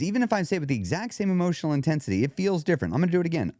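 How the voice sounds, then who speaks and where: A man hosting a weight loss podcast, coaching the listener directly in a lively monologue. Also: fairly high pitch, very fast, hardly any pauses, no room sound, clean studio sound. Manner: animated, coaching, talks straight to the listener.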